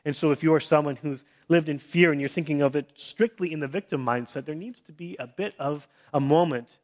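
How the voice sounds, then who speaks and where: A man in his thirties preaching an earnest sermon, often restarting his phrases and dropping to a soft hush for comforting words. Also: a little high, fairly quick. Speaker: pastor.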